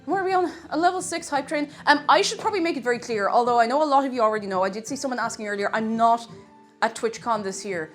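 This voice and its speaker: A woman chatting bubbly and excitably on a livestream while cooking, now and then breaking into shouted cheers. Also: a little high, fast, soft background music. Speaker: streamer.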